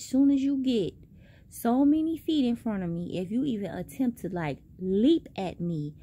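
A young woman telling a story in a casual vlog, animated and profane, with big jumps in pitch. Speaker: vlogger.

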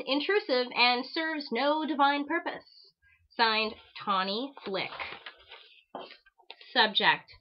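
A woman hosting a show who reads hate mail aloud with a theatrical, mocking, exaggerated delivery. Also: fairly high pitch. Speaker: host reading letters aloud. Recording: dull lo-fi recording.

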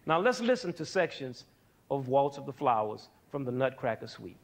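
A man's voice: mid-range voice, sing-song, moderate pace, gravelly. A middle-aged man presenting a music lesson for young people, asking questions and answering them himself, with counting and sound demonstrations. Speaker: music educator hosting a TV series.

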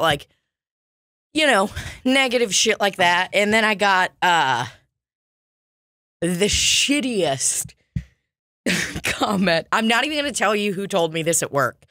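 A woman's voice: medium pitch, lively intonation, normal speed, bright, forceful tone, no echo, studio quality. A young woman hosting a podcast, chatting casually in a rambling, profane and jokey way. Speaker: podcast host. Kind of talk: casual chat.

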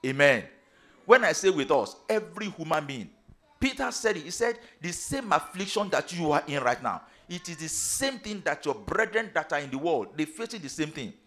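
A man's voice: on the high side, big pitch swings, normal speed, a bit bright. Preaching man with emphatic declarations. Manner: preaching with emphatic rising declarations and repeated phrases. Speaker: pastor. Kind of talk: sermon.

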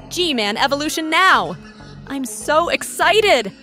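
A high-voiced woman gives excited reaction commentary. She leaps from shrill squeals down to low murmurs and back. She talks at an unhurried pace over faint music. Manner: dramatic gasping exclamations, swooping from squeals to low murmurs. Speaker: reaction video host.

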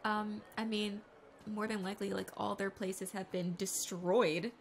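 A woman helping a friend through a video game in casual chat, gently coaching and reading game text aloud. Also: medium pitch, steady tone, unhurried, vocal fry, slight background noise. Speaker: co-player helping the gamer.

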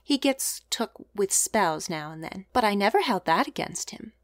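A woman's voice: mid-range voice, lively intonation, moderate pace, no room sound, natural voice. A woman voicing a knowing, disapproving older woman telling family scandal. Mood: gossiping. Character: sharp-tongued older gossiping woman.

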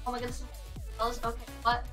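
A woman's voice: a little high, completely flat delivery, fairly quick, bright, forceful tone, soft background music. A woman playing a game alongside a streamer, playful and often laughing. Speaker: co-player. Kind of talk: casual gaming chat.

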